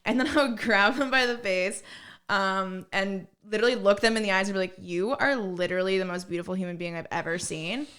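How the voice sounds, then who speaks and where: A young woman chatting casually as a podcast guest. She talks bluntly and swears freely, piling filler words into her stories. Her voice sits at an ordinary, middle pitch for a woman. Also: brisk, fairly bright tone. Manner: blunt, profane storytelling with many fillers. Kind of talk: casual chat.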